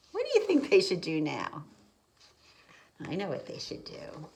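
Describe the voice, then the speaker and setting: A woman's voice: fairly low pitch, wildly swooping pitch, a little slow, vocal fry, darkish tone, poor audio. A woman reading a picture book aloud to preschoolers, explaining words and asking questions. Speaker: preschool story reader. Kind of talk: children's read-aloud lesson.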